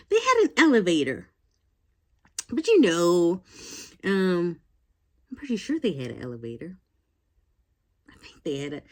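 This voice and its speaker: A woman in her forties telling a casual, rambling story to her vlog audience, full of fillers and asides. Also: lowish voice. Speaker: vlogger.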